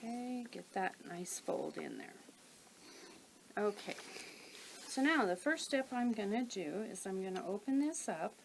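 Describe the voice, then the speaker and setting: A woman calmly talking through a sewing tutorial step by step while she works. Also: mid-range voice, a little slow, creaky, a little hiss or hum, rough recording. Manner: calm, methodical, talks while working. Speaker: quilting instructor.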